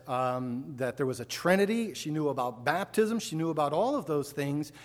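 A man from upstate New York preaching a sermon, telling family stories in a folksy way and building to fervent emphasis. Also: fairly high pitch. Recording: long hall reverb.

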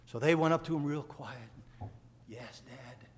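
Preacher from upstate New York, echoing hall. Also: male voice, on the high side, quick pace, slight background noise. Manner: folksy storytelling, swelling to fervent emphasis. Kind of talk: sermon. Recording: long hall reverb.

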